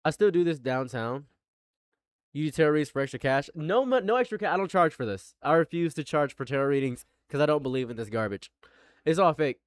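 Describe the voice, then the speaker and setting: A man's voice: fairly high pitch, animated, fast talker, dry recording, studio quality. Loose, swearing man on commentary. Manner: loose, boastful, swears freely. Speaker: commentary host. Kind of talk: casual commentary.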